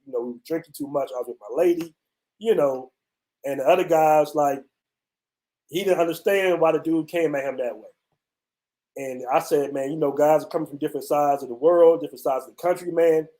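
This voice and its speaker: Animated American man telling a story. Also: on the high side, a little fast. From United States. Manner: loose, animated retelling with slang and repeated "man" and "bro". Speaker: travel channel host. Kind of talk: casual storytelling to viewers. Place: outdoors on a city street at night.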